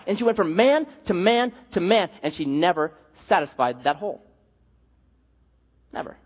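A man's voice: high-pitched, sing-song, normal speed, slightly rough. A male pastor preaching a sermon, telling stories animatedly with jokes, in an echoey hall with dull sound.

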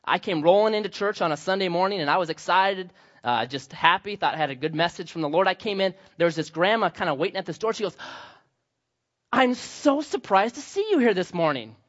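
Young man, pastor, high bright delivery, storytelling sermon, slightly muffled lo-fi audio. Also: quick pace. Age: young adult. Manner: storytelling, acting out voices with humor. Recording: slightly dull lo-fi sound.

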